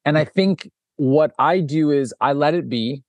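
A man's voice: fairly high pitch, unhurried, no echo. A man, a documentary director, telling a story as an interview guest and acting out the lines of the people in it. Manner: animated, acts out quoted dialogue, frequent restarts.

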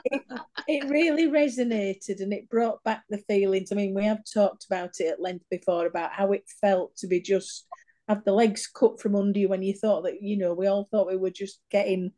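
A woman with a mellow, darker tone chats on a video call. She speaks candidly and with enthusiasm, and her words come out plainly. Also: mid-range voice, fairly even intonation, moderate pace. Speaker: poetry event participant. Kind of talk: casual video call chat.

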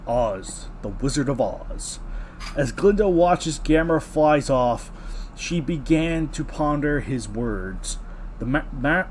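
A man's voice: mid-range voice, a little hiss or hum. A man hosting a comedy podcast, reading fan fiction aloud and breaking off with mocking asides.

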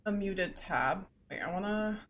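Bubbly young woman streamer, lively pitch. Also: measured pace, a little hiss or hum. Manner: bubbly, greets chatters excitedly. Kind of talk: casual live-stream chat. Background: faint background music.

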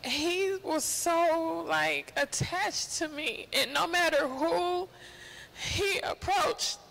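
A young woman speaks at a funeral, her voice high and bright with a gravelly edge of fry. She halts often and fills the gaps as she fights back tears. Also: low-quality recording. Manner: tearful, halting, many fillers. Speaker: mourner giving a eulogy. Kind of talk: emotional tribute at a funeral.

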